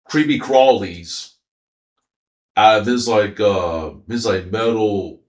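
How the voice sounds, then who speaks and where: A man's voice: fairly low pitch, takes it slowly, echoey room. A man giving a casual, rambling anime commentary, slangy with many fillers and frequent laughter. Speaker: anime reviewer.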